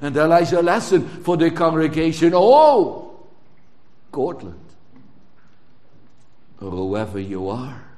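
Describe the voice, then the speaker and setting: A man preaching a sermon in English, stressing words strongly and drawing phrases out. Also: fairly high pitch. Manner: emphatic, drawn-out preaching with sudden loud stresses. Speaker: pastor.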